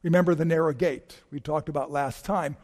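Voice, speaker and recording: A man's voice: fairly high pitch, steady tone, fairly quick, darkish tone, big-room sound. A man preaching a homily, telling a story in a conversational, folksy way with emphatic repetition.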